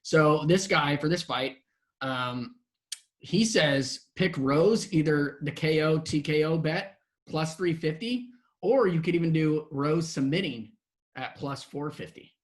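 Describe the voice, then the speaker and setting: A man's voice: fairly high pitch, unhurried. A man hosting a casual podcast chat, easygoing as he reads out betting odds and asks his guest's opinion. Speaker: podcast host.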